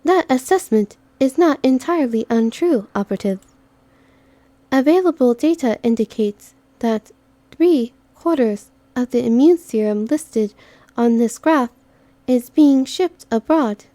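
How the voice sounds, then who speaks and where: Brief: woman voicing a precise, formal AI in a game reading, slow and clinical. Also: sits high, lively intonation, warm tone, no echo, pitched above the performer's own voice. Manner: clinical, data-driven, formal. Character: precise, formal machine intelligence briefing an operative. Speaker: visual novel reader.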